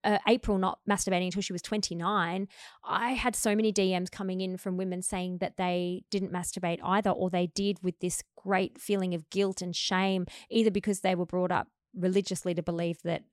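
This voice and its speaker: A woman in her forties with an Australian accent, hosting a podcast and talking candidly and frankly, lively when she retells family conversations. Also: lowish voice, a little fast, no room sound, clean studio sound. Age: 40s. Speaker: podcast host. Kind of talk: candid casual chat.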